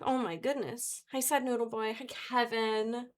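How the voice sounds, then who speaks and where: A woman livestreamer chatting casually and excitably with her viewers, calling out names and swearing freely. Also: fairly high pitch, a little slow, a little hiss or hum. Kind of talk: casual live-stream chat. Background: faint background music.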